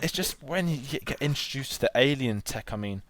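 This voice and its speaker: A man's voice: mid-range voice, lively intonation, a little fast, over a noisy crowd. A man co-hosting a film podcast, chatting enthusiastically and rambling with restarts. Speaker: podcast co-host. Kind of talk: casual film chat.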